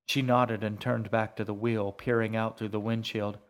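A man narrating an audiobook in a measured, hushed storytelling manner. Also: on the low side, flat delivery, smooth. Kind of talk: scripted narration.

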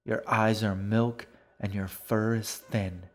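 A man voicing a young girl in an audiobook, quiet, deliberate and commanding. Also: on the low side, fairly even intonation. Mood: quiet menace. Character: young girl, quiet and steely, fierce when pressed. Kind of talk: audiobook character voice.

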